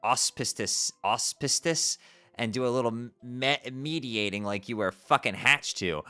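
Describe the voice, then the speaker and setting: A man's voice: mid-range voice, measured pace, pushed and bright, smooth, soft background music. A man streaming himself as he reads a webcomic aloud, tripping over strange words, swearing casually and breaking off to laugh and comment.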